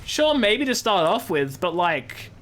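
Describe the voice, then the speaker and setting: A woman's voice: lowish voice, sing-song, a little slow. A young woman in her twenties, a streamer and law student, chatting animatedly and amused while she plays a game. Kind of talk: casual chat while gaming.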